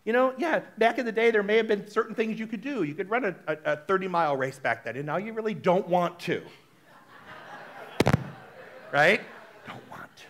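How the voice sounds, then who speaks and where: Male minister, high voice, chatty conversational preaching, animated. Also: fast, hardly any pauses, a little hiss or hum. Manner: chatty, frequently asks the congregation "right?"; animated, shifts between loud exclamations and soft asides. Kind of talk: conversational sermon.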